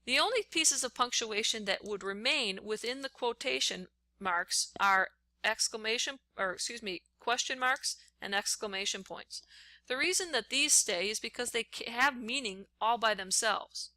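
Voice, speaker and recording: A woman's voice: a little high, normal speed, pushed and bright, no echo. A woman teacher talking step by step through a writing lesson while she types on screen. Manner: step-by-step, talks while typing.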